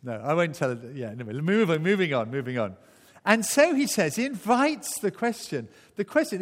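A man preaching a sermon, telling the story vividly and acting out the voices. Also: fairly high pitch. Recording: echoey hall.

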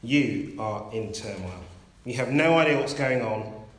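A man preaching a sermon, telling a story in a measured, gentle way. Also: medium pitch, lively intonation. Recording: roomy echo.

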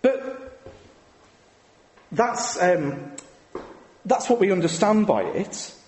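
A man's voice: sits high, animated, extremely slow, a little mellow. A man preaching a sermon, conversational and full of rhetorical questions. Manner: conversational, asks the congregation rhetorical tag questions. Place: church. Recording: echoey hall with long reverb.

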